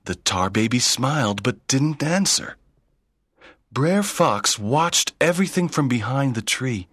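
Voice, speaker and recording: A man's voice: medium pitch, animated, a little slow, a bit bright, slightly rough, no echo, studio quality. A man reading a children's story aloud in plain, simple sentences. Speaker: narrator. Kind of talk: slow read-aloud storytelling.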